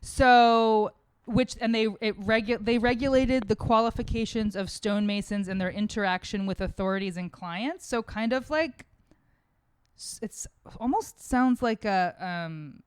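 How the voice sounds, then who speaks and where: A woman's voice: medium pitch, a little slow, smooth, no echo. A young woman co-hosting a casual podcast, rambling through her notes with lots of "like" and plenty of swearing. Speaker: podcast co-host. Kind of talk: casual chat, explaining a topic from notes.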